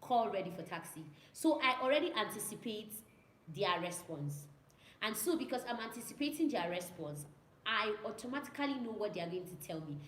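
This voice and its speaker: Animated and fairly quick, a young woman's medium-pitched voice has a fairly bright tone as she answers viewer questions in casual conversation. A student pilot, she repeats herself and mimics radio calls, recorded in an echoey room with faint ambience.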